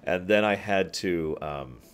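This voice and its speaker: A man with a very low voice hosts a relaxed livestream, rambling from thought to thought and replying to viewers' comments. He laughs easily at his own jokes. Soft music plays faintly behind him. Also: slow pace, smooth. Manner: chatty, rambling, answers viewer comments as he goes. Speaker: livestream host. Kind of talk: casual livestream chat.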